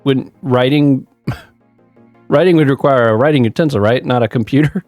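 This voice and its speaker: A man's voice: medium pitch, normal speed, darkish tone, soft background music. A man hosting a gaming channel, giving chatty, upbeat let's-play commentary. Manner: upbeat, chatty, laughs often.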